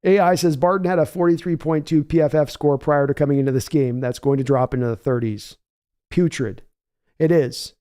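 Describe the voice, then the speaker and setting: A man's voice: fairly high pitch, a little fast, warm tone, smooth. Opinionated man streaming game commentary. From United States. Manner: reads viewer chat aloud and answers conversationally; opinionated, analytical, rambling. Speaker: livestream host. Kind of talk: live game reaction commentary.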